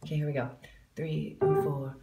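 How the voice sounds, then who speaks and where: A woman's voice: deep voice, little pitch movement, unhurried, reverberant. A woman giving a jazz singing lesson, explaining the music and counting in before she scat-sings the examples. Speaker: vocal jazz teacher.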